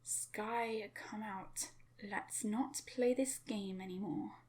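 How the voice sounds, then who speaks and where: A woman voicing a furious murderous father who snarls and shouts threats at his daughter in a creepypasta reading. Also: medium pitch, fairly even intonation, takes it slowly, lightly acted. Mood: menacing. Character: furious murderous man, a young girl's father.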